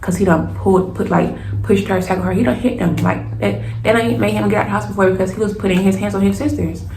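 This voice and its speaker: A young woman tells a storytime to her viewers, speaking in a gravelly, level voice that stays fairly flat. She keeps acting out the dialogue and turning back to her audience, and her voice bounces around an echoey room with a faint hum behind it. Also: mid-range voice, fast talker. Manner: animated retelling with repeated "y'all" and quoted dialogue. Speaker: storytime vlogger.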